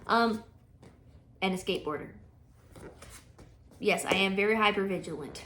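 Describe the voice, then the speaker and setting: A woman's voice: medium pitch, normal speed, a bit bright, a little hiss or hum. A woman giving a casual, chatty tarot reading, thinking aloud with frequent fillers and restarts. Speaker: tarot reader.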